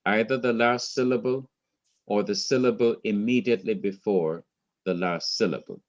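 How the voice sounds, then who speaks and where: A man's voice: on the low side, highs cut off. A man teaching a Hebrew class, laying out rules one by one in a methodical, repetitive way. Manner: slow, methodical, enumerating rules. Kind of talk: online class lecture.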